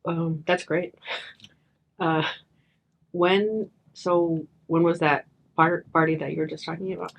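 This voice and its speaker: A woman asking halting interview questions for an oral history project. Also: lowish voice, fairly even intonation, gravelly, low-quality recording.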